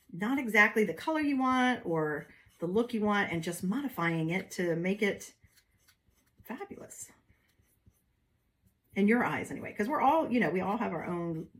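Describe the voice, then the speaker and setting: A woman's voice: mid-range voice, fairly bright tone. A woman, chatting folksily to viewers as she demonstrates a craft project step by step. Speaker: craft tutorial host. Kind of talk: casual step-by-step craft demo.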